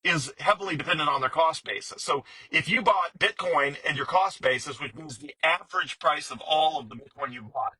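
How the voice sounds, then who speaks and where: A man's voice: on the high side, moderate pace, hardly any pauses, pushed and bright, breathy edge, no echo, poor audio. A man giving a casual, explanatory monologue about investing, talking conversationally with frequent fillers, restarts and repetition. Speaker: bitcoin commentator.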